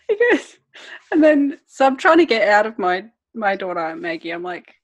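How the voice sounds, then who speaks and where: An Australian woman in her thirties hosting a casual podcast chat over a video call, chatty and quick to laugh. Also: medium pitch. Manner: chatty, laughs often, animated storytelling. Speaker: podcast host. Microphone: desk microphone on a video call.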